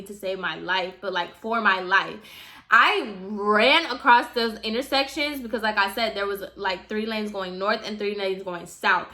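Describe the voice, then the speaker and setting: A woman's voice: mid-range voice, pushed and bright. A woman telling a storytime on her vlog, chatty and casual, using "like" a lot and talking straight to her viewers. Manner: chatty, heavy use of "like", addresses viewers directly. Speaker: vlogger.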